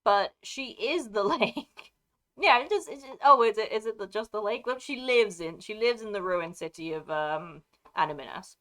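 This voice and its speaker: A woman's voice: medium pitch, animated, moderate pace, a bit bright. Rambling English streamer woman. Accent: British, received pronunciation. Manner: scattered, rambling, self-interrupting, laughing often. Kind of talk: casual chat with live viewers.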